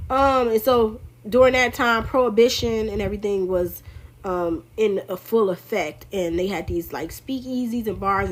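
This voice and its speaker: A young woman giving casual political commentary on a livestream, in a sassy, emphatic, animated way. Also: mid-range voice.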